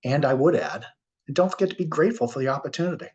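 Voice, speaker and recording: A man with a Boston accent giving a workshop talk, speaking slowly and earnestly with pauses as he tells a story. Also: fairly high pitch, expressive, a little mellow, highs cut off. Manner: slow, earnest and heartfelt, with pauses. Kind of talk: reflective keynote talk with storytelling.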